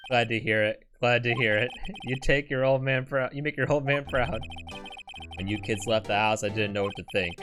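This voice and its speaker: A man voicing a gruff, fatherly old pasta shop owner in a video game, speaking slowly with a drawl. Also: mid-range voice, music in the background, lightly acted.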